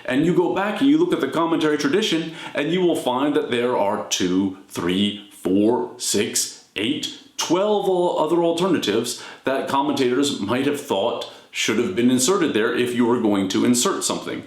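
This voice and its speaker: A man giving a measured, explanatory lecture as a scholar of religion, often checking in with "all right?". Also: mid-range voice, animated. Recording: echoey room.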